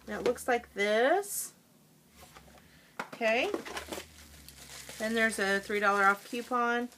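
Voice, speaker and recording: A woman's voice: a little high, takes it slowly, bright, forceful tone, a little hiss or hum. A woman vlogger chatting casually through a product haul at home, talking while she eats.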